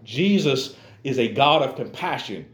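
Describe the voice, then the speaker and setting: A man preaching to a group of men, who prays earnestly and then speaks with animated, direct appeals to his listeners. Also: mid-range voice, measured pace. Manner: earnest, pleading prayer with many "Lord" and "God" tags. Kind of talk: sermon to a men's group. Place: church meeting room. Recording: echoey room with faint ambience.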